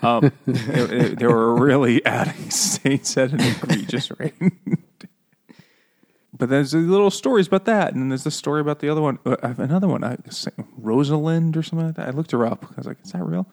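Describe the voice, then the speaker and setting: A man's voice: mid-range voice, a little fast, darkish tone. Joking, profane man in casual chat. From raised Catholic. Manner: joking, profane, laughs often. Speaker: book club member.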